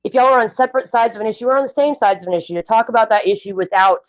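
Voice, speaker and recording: A woman's voice: on the high side, rapid-fire, no room sound. Blunt woman on dull lo-fi stream audio. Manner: blunt, opinionated, talks at length. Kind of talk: casual livestream chat.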